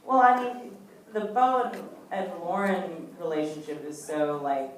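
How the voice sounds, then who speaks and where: Low-voiced woman telling a chatty anecdote in an echoey hall. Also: steady tone, a little slow. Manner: chatty, acts out quoted dialogue with fillers. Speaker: actress answering fan questions. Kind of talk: casual anecdote telling at a fan Q&A. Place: event hall before an audience. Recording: echoey hall from far off, faint noise.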